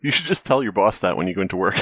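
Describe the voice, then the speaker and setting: A man's voice: low voice, lively intonation, rapid-fire, sharp tone, husky, no echo. A man co-hosting a podcast in casual chat, joking, laughing often and mimicking voices. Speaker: podcast co-host.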